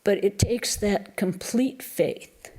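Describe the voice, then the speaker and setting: A woman, a nun, giving a reflective Easter lecture in a temple, pausing often and restarting her phrases. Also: medium pitch, a little mellow, husky. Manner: slow and reflective, with pauses and restarts.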